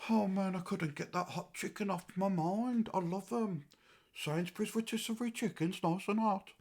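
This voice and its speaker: A man's voice: high voice, darkish tone. A man playing a rambling, easily riled old English grandfather in a comic monologue, in an English accent. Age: older. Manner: rambling and aggrieved, swinging between mutters and outbursts.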